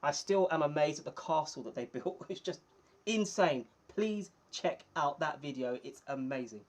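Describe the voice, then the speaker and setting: A man hosting his own livestream in a casual, chatty way, reading viewer comments and thanking people by name, indoors under bright lights. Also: a little high, animated, moderate pace. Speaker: small YouTuber hosting a livestream.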